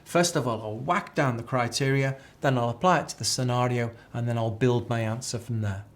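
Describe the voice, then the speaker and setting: A man's voice: mid-range voice, fairly quick. A man teaching an accounting exam class, chatty and repeating key phrases as a drill. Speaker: accounting tutor. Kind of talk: live exam tuition lecture.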